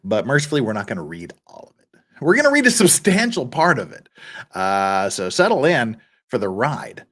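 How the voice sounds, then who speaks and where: A man's voice: medium pitch, huge pitch swings, normal speed, fairly bright tone. A middle-aged man hosting a live stream, chatting casually, reading out viewer comments and laughing often. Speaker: livestream host.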